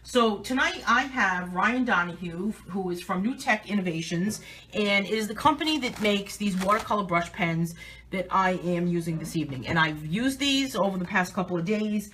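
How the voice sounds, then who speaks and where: A woman's voice: mid-range voice, moderate pace, fairly bright tone, a little hiss or hum, poor audio. A woman hosting a casual live coloring demo, talking chattily with frequent ums and restarts. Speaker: host of a coloring livestream.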